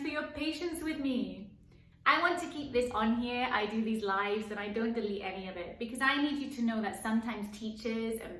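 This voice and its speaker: A woman teaching young children at circle time, gently encouraging them and slowly singing and counting along. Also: a little high. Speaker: preschool teacher. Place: home room, live stream. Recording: echoey room.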